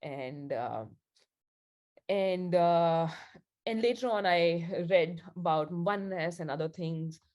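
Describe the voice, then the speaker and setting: A woman's voice: fairly low pitch, takes it slowly, a little mellow. A woman leading a spiritual group session, telling a story in a chatty, casual way with frequent laughs. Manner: chatty, laughs often, many fillers like "like".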